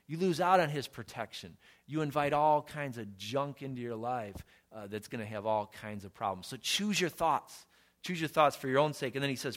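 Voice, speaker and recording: Male pastor, middle-aged, mid-pitched voice, earnest conversational sermon, emphatic peaks. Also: brisk.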